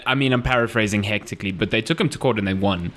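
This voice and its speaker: A man's voice: on the low side, racing, fairly bright tone, slight background noise. A man, co-hosting a casual podcast in a loose, rambling way full of fillers. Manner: loose, filler-heavy talk with many likes. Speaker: podcast co-host. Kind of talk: casual chat.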